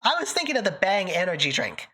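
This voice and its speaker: Woman streamer from Canada, bright lively delivery, self-mocking, laughs a lot. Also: mid-range voice, quick pace, slightly rough. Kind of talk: casual live-stream chat.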